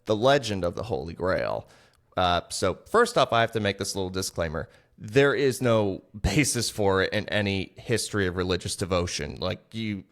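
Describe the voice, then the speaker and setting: A chatty man co-hosting a relaxed podcast about a film. His voice sits on the low side, and he talks into a podcast mic. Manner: chatty, acts out quoted lines in jumped-up voices. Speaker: podcast co-host. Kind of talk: casual film discussion podcast.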